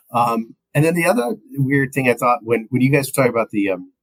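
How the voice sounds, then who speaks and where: A man co-hosting a podcast, giving a rambling, animated film review and acting out movie lines. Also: medium pitch, slightly rough, rough recording. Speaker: podcast co-host. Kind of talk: casual film review chat.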